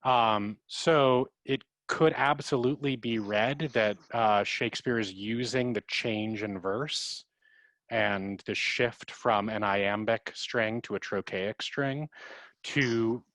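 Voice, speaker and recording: A dramaturg answering audience questions on a video call, in a thoughtful, chatty way that repeats words and taps out verse rhythms aloud. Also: male voice, on the low side, slow pace, a bit bright, dry recording.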